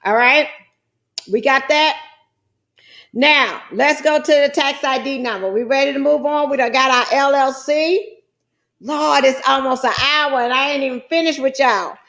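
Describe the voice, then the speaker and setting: Calling her viewers "guys" and "child," a middle-aged trucking business coach gives a folksy, chatty screen-share tutorial on filling out online business forms. Her voice sits high and is fairly bright, with a moderate pace.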